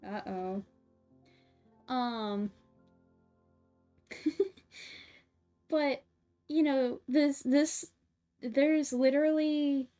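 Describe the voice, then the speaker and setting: A woman streamer casually telling a story to her chat, animated and full of fillers, with little laughs. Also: high voice. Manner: animated, filler-heavy, giggly. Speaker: livestream host. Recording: slightly dull sound, faint music behind.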